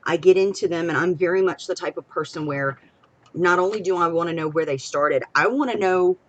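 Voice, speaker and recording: A young woman chatting casually as a co-host on a live stream, rambling and excitable, swinging between loud bursts and soft trailing asides. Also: lowish voice, brisk, lo-fi sound. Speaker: podcast co-host.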